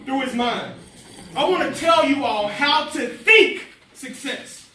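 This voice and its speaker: A man, giving an energetic, preachy motivational speech with call-and-response to students in a large hall. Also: very high-pitched, slow pace, a little hiss or hum. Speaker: motivational speaker. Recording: echoey hall from far off, chattering crowd.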